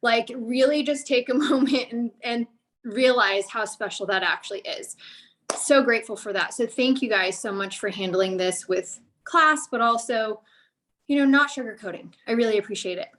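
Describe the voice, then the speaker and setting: A woman giving an energetic motivational talk to a sales team, coaching and upbeat and a bit out of breath. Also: on the high side, normal speed. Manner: upbeat, coaching, repeats "okay?". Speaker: guest speaker on a sales team call.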